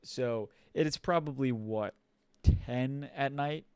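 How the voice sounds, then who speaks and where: Young man, podcast co-host, rambling profane storyteller, smooth clear voice, dry close sound. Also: mid-range voice, takes it slowly, dry recording. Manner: rambling, swears a lot, mimics people in quotes. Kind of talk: casual storytelling chat.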